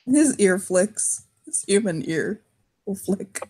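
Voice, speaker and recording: A woman's voice: mid-range voice, lively intonation, slow, dark tone, slightly rough. A woman running a tabletop game, narrating in a rambling way with frequent swearing and restarts. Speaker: game master.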